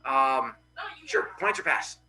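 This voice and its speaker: A man's voice: mid-range voice, lively intonation, slow, crowd noise, poor audio. A male teacher dramatically retelling a Greek myth to his class in a casual, playful way. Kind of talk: animated classroom storytelling.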